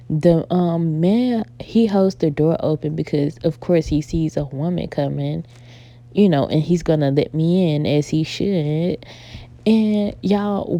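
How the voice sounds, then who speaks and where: A young woman chats straight to her viewers, spinning an exasperated storytime while she works on a craft. Her voice sits low and carries a gravelly fry. The tone is dark and mellow. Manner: animated, exasperated storytelling, addresses viewers as y'all. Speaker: vlogger. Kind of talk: casual storytime chat.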